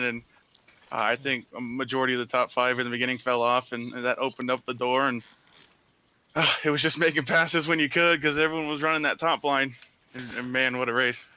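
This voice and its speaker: Excited driver guy, bright crisp voice, dull dry voice-chat sound. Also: mid-range voice, fairly quick. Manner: eager, rambling, laughs easily. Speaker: race driver being interviewed. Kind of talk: casual interview.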